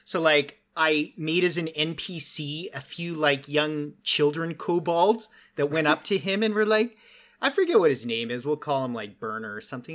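A man telling tabletop game stories to friends, animated and filler-heavy. His voice sits a little high for a man, and he rolls from one anecdote into the next. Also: normal speed. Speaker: podcast host and game master. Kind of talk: casual storytelling chat.

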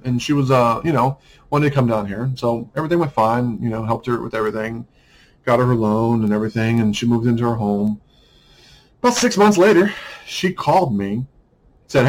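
A man's voice: medium pitch, brisk, poor audio. A man talking through a casual podcast monologue, rambling, with many restarts and fillers.

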